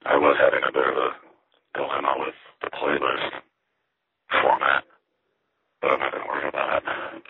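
A man's voice: extremely low pitch, monotone, moderate pace, creaky, pauses often, slightly rough, dry recording. A man calling in from a public payphone, rambling wryly in a casual spoken diary as a payphone hobbyist. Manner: wry, meandering, self-correcting. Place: public payphone near a station. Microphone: payphone handset. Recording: tinny payphone line.

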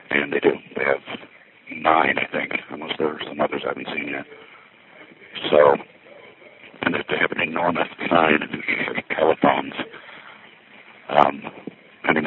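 Speaking in a bass voice with vocal fry, this vlogger meanders and muses on his phone while walking a busy city, slightly out of breath and cutting himself off. The tinny recording carries a little hiss or hum and faint music.

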